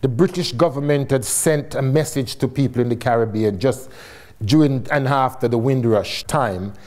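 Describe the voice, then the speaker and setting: A middle-aged man from Jamaica, telling his story as a guest speaker to a live audience, animated and laughing often, with casual swearing. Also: medium pitch, moderate pace.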